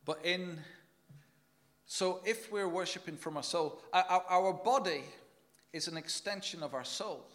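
A man's voice: high voice, unhurried, fairly bright tone. A man preaching a sermon in an earnest, emphatic way, often repeating words as he goes.

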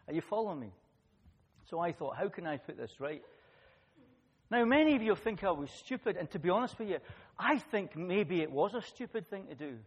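A man preaching a sermon, telling a personal story with lively swings between loud emphasis and quiet asides. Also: fairly high pitch. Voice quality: husky. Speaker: pastor. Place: church hall. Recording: long church-hall reverb.

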